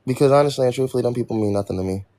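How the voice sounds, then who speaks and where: A man's voice: mid-range voice, rapid-fire, dark tone. A young man hosting a livestream, venting in an irritated, profane rant to his chat. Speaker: livestream host. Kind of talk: ranting livestream talk to chat.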